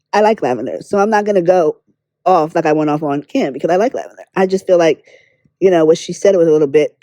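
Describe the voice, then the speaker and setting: A woman's voice: lowish voice, dark tone, no echo. A woman giving her candid, blunt opinions in a casual commentary vlog, swearing freely. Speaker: beauty drama commentator.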